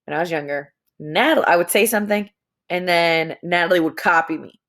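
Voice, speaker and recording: A young adult woman teaching a lesson to young students, playful and animated, stretching words out. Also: lowish voice, fairly quick.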